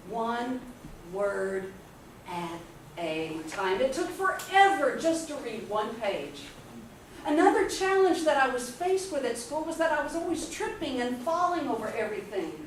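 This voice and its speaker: A woman in her fifties giving an inspirational speech, telling her story with dramatic pauses. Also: high voice. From Texas, USA. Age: 50s. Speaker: motivational speaker. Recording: echoey hall from far off, faint noise.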